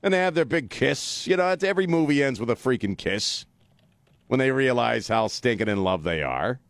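A man's voice: medium pitch, animated, moderate pace, no room sound, clean studio sound. A man hosting a talk radio show, chatting bluntly and jokingly. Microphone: studio mic.

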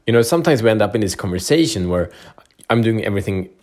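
A man's voice: fairly low pitch, lively intonation, fast talker, darkish tone. A man talking casually to camera as a relationship coach, candid and loose, swearing and laughing now and then. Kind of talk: casual advice talk to camera.

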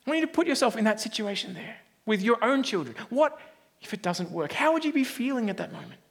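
A man's voice: very high-pitched, very animated, quick pace, gravelly. A man preaching a sermon in a conversational style, joking with the congregation.

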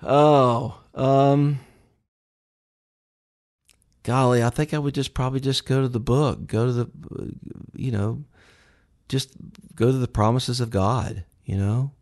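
A man's voice: mid-range voice, fairly even intonation, slow, pauses often, a little mellow. A man in his sixties as an interview guest, speaking in a rambling, heartfelt way with many fillers. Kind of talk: casual interview.

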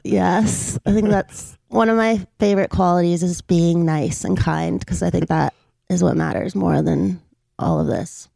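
Low, gravelly woman host. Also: fairly even intonation, measured pace, warm tone, no echo. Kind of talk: casual chat.

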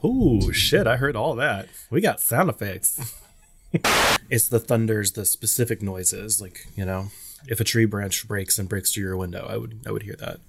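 A man's voice: lowish voice, moderate pace, creaky, a little hiss or hum. A man co-hosting a movie podcast, joking through outtakes and laughing often. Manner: jokey, laughs often, mock-dramatic. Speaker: podcast co-host. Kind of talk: casual banter, outtakes.

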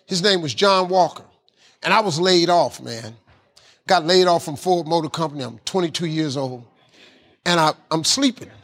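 A man tells a motivational story in a husky, fairly high voice. His delivery is animated and folksy, with loose, casual grammar. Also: normal speed. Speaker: guest speaker.

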